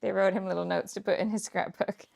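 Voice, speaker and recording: She's a Kansas scrapbooker chatting live as she crafts, talkative, quick to laugh, and given to musing aloud. Her mid-range voice is gravelly and a little mellow, with a steady tone and a fast pace.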